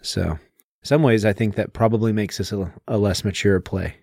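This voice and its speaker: A man's voice: on the low side, steady tone, normal speed, warm tone, no echo, clean studio sound. A man co-hosting a podcast, explaining things at length in a casual, lecturing way with plenty of fillers. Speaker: podcast co-host. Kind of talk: casual literary discussion.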